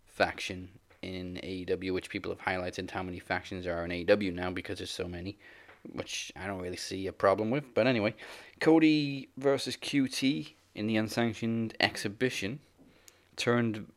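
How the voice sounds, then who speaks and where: A man's voice: low-pitched, steady tone, moderate pace. A man co-hosting a casual wrestling podcast, recapping matches in a plain running rundown. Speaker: podcast co-host.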